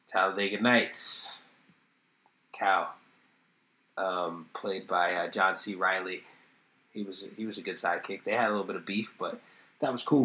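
A lowish but fairly bright male voice echoes around the room as this podcast host talks on his own. He's casual and rambling, swearing freely and turning the jokes on himself.

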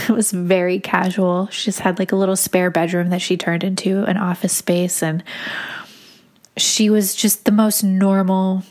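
A young woman casually telling a personal story in a chatty, animated way, full of fillers. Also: medium pitch. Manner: chatty, filler-heavy, animated retelling with laughs.

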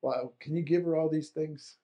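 A man's voice: fairly high pitch, fairly even intonation, moderate pace, dark tone, lightly acted. A man preaching, voicing a humble husband who brings gifts out of love. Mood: tender.

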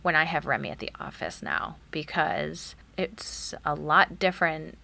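Woman, 30s, casual mom chat, lowish pitch, bright tone. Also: animated, a little slow, vocal fry. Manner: chatty, acts out quotes of her child. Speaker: podcast co-host, mother of a toddler.

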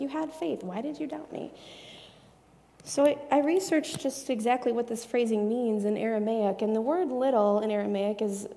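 Lady doing a chatty bible lesson, kinda high voice w some fry, long echo on it. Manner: earnest, chatty, drops into soft hushed asides. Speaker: Bible teacher. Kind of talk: conversational Bible teaching. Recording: long echoey reverb.

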